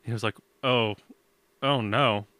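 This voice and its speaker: A man's voice: fairly low pitch, fairly even intonation, slow pace, bright, forceful tone, dry recording. A young man hosting a podcast, telling a story in casual chat, laughing often and swearing as he acts out his parents. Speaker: podcast host.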